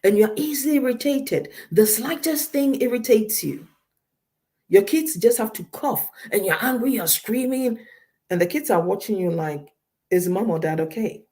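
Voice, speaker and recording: A woman's voice: on the high side, animated, normal speed, mellow. A woman counselor giving emphatic, direct advice to listeners on a radio show, often repeating her key points.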